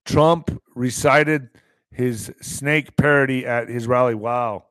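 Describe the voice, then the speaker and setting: A man's voice: medium pitch, steady tone, slow pace, a bit bright, smooth, no echo. A man from the Texas border reading news headlines aloud and breaking in with casual, wry comments and the odd Spanish interjection. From US–Mexico border, Texas. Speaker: show host reading and reacting to news.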